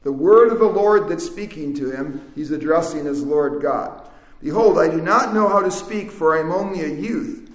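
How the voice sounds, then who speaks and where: A man's voice: on the high side, normal speed. Man lecturing on scripture in an echoey room. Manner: reads verses aloud then comments, with small restarts. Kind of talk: lecture reading and explaining scripture.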